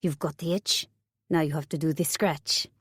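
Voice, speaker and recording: A worldly French woman, put on by a female audiobook narrator, speaks in a breathy, low voice. She is blunt and teasing, drawling her frank advice without any hurry. The sound is close and dry. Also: fairly even intonation, normal speed, fairly bright tone, no echo.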